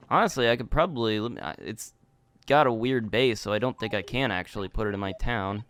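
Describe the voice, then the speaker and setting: A man's voice: fairly low pitch, fairly quick, fairly bright tone, clean tone. A man casually commenting on his game as he plays, rambling and chatty with lots of restarts. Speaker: gaming YouTuber.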